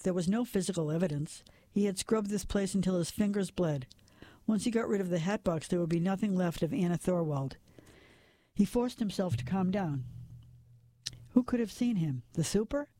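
A man reading a dark crime story as a measured narrator, sometimes dropping to a whisper at tense moments. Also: high voice, no room sound. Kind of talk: scripted noir narration.

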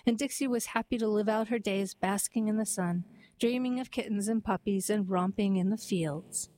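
A woman narrating a heartwarming story and then reading a poem aloud in a gentle, even storytelling manner. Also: medium pitch, normal speed, rough recording.

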